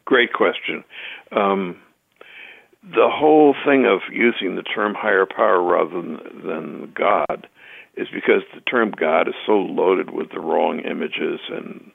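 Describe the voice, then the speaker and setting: Gravelly low man on a tinny line. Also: unhurried, dry recording. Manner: hesitant, many fillers and restarts. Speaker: guest. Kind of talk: conversational interview.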